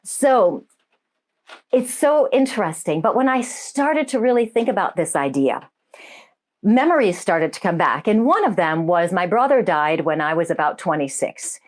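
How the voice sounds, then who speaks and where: A middle-aged woman, a medium and life coach, hosting a casual spiritual talk show, chatting warmly with viewers and laughing easily. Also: fairly low pitch, sing-song, normal speed. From United States.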